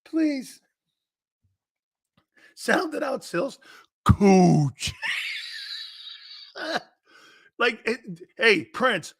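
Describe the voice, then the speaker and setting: Give me a giggly man hosting a live sports talk show, with a high voice and an unhurried pace. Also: big pitch swings, sharp tone, breathy edge. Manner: giggly, joking, keeps breaking into laughter; reads and answers viewer comments by name.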